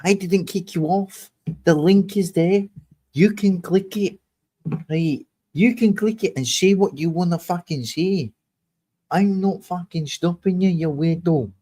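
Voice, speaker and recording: A man's voice: high voice, unhurried, warm tone. A young man hosting a livestream, ranting angrily and swearing while confronting a commenter. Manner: angry, profane, confrontational. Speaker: livestream host. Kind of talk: heated livestream rant.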